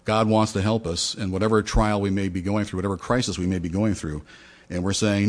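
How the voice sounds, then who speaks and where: A man's voice: fairly low pitch, fairly even intonation, a little fast. A male pastor giving a conversational sermon to his congregation, asking questions and retelling a parable. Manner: conversational, with fillers and restarts.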